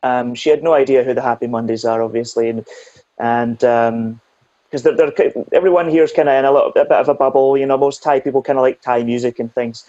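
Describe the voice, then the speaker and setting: A man's voice: mid-range voice, steady tone, brisk, mellow, dry recording, highs cut off. A man interviewing a guest, easygoing and meandering, using many fillers. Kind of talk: casual interview chat.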